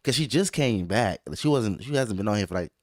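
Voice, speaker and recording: A man's voice: fairly low pitch, lively intonation, a little fast, darkish tone, dry recording, clean studio sound. A man hosting a casual podcast, talking in a laid-back way and laughing often. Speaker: podcast host.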